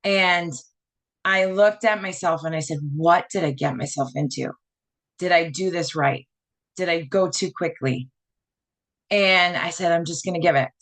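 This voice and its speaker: A woman's voice: on the low side, measured pace, fairly bright tone. Chatty woman in her thirties telling her story. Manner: rambling storytelling full of "like" and "you know". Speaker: network marketing presenter. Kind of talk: personal testimonial talk.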